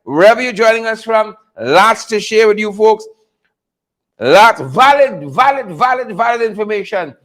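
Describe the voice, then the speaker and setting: A man hosting a livestream, animated and repetitive, laughing often and greeting viewers by name. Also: high voice, moderate pace. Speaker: livestream host. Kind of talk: casual livestream commentary.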